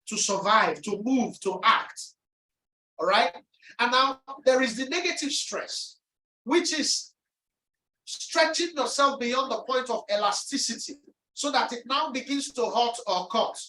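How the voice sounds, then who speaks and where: A woman delivers an emphatic motivational lecture in a somewhat high voice. She repeats her key lines for emphasis and acts out other people's inner voices. The mic sits far from her in an echoey room. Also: sharp tone. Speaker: speaker presenting on resilience.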